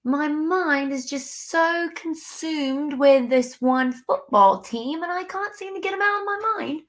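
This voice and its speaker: A woman's voice: high voice, unhurried. A young woman hosting a casual sports live stream from home, bubbly and chatty, talking straight to her viewers. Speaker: sports podcast host. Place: home room near window.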